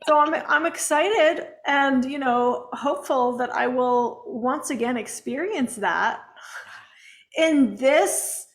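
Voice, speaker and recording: A woman's voice: sits high, slow. A woman co-hosting a casual spiritual chat, enthusiastic and blunt, swearing now and then. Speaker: co-host.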